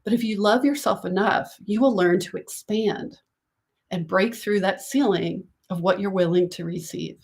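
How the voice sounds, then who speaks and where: A woman's voice: mid-range voice, normal speed, gravelly. A woman business coach talking casually to camera, coaching and often checking in with "right?".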